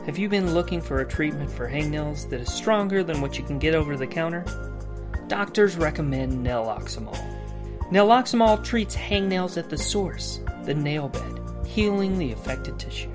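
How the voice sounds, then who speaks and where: A man playing a parody drug-commercial announcer, reading a long list of side effects in a smooth, deadpan pitchman cadence. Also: moderate pace, over music, close to an everyday voice. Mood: deadpan salesy. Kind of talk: mock TV ad read.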